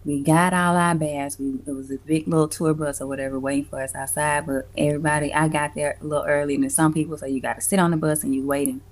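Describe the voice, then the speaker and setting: A woman guest in a casual interview, telling stories in an animated, emphatic way, laughing often and swearing freely. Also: low-pitched, fast, hardly any pauses. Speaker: guest, community music event organizer. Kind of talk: casual conversational storytelling.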